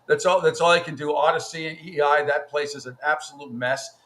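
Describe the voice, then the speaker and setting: A man's voice: fairly high pitch, steady tone, fairly quick, fairly bright tone. A man hosting a radio show, talking bluntly and profanely about the business, often restarting his sentences. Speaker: radio host. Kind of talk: casual radio chat.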